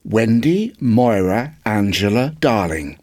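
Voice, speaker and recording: A man voicing a polite, kindly young girl in a read-aloud storybook, lifting his voice higher and gentler. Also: huge pitch swings, measured pace, breathy edge, no echo, clean studio sound, full character voice.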